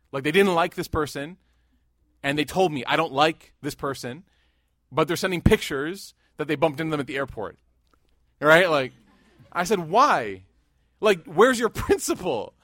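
A man in his thirties giving a sermon, mixing laughing stories with hushed, earnest reflection. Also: on the high side, normal speed, no echo, studio quality. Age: 30s. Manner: animated, jokes and rises loud in anecdotes, hushed and earnest in devotion. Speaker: Muslim preacher. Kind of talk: sermon with storytelling.

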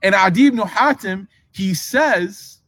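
Relaxed man telling a sermon story. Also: sits high, takes it slowly. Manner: casual, acts out dialogue, asks the audience questions. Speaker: Islamic preacher.

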